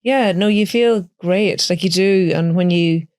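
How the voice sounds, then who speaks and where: A woman's voice: fairly low pitch, measured pace, a little mellow, dry recording, clean studio sound. Chatty woman podcast host. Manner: chatty, thinks aloud with fillers and restarts. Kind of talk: casual conversational interview.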